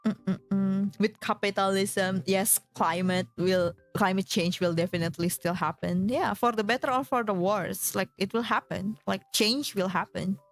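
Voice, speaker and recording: A woman's voice: mid-range voice, a little slow, few pauses, faint music behind. A woman streamer in casual chat, giggling often and filling her talk with fillers.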